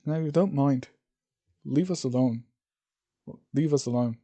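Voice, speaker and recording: A man's voice: mid-range voice, unhurried, warm tone, dull audio. A man voicing a stern young teacher, Uraraka. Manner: firm, scolding.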